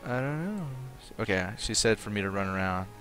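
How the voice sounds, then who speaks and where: Low-voiced man chatting through a game stream. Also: very animated, fairly quick, fairly bright tone, soft background music. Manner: chatty, thinking aloud, reads chat. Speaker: livestream gamer. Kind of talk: casual live gameplay commentary.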